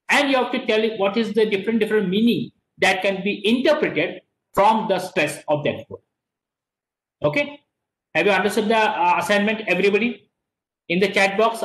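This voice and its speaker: A man with an Indian accent teaching an online class, mixing Hindi and English and repeating his words. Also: sits high. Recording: echoey room.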